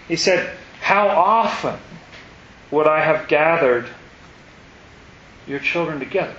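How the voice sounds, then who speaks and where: A man's voice: a little high, fairly bright tone. A man teaching a Bible study class, thinking aloud in a questioning, emphatic way with frequent restarts. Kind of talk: classroom scripture discussion. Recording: roomy, dull, faint hiss.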